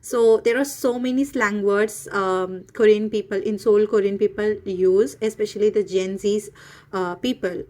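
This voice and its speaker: A woman hosting a casual language video, chatty and full of pauses and fillers, breaking into quick Korean example phrases. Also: medium pitch, fairly even intonation, warm tone. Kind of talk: casual explainer.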